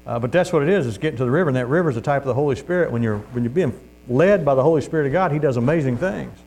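A middle-aged man gives a casual, folksy testimony sermon, speaking at an ordinary pitch and telling stories with chuckles and calls of "Amen?". A faint electrical hum sits under his voice throughout. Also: racing, gravelly, a little mellow. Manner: folksy storytelling with laughs and "Amen?". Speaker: street preacher.

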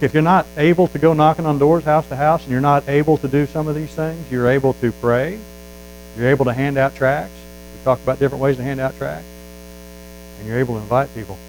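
Baptist pastor guy preaching fast n fervent, bit of mains hum behind. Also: mid-range voice, low-quality recording. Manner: folksy, emphatic preaching that rises to loud fervor. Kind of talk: sermon.

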